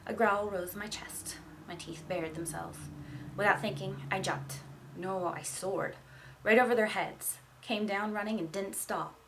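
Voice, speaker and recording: A woman reads a novel chapter aloud as an expressive first-person narrator. Her voice has a gravelly, creaky texture at a mid pitch. A faint noise sits under the recording. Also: unhurried. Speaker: audiobook reader. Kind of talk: storybook reading.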